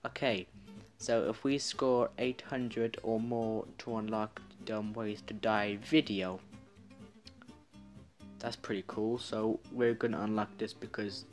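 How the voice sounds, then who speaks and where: A man's voice: lowish voice, fairly even intonation, slow, soft background music. A man giving let's-play commentary, muttering to himself and swearing casually as he plays. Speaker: gaming video creator.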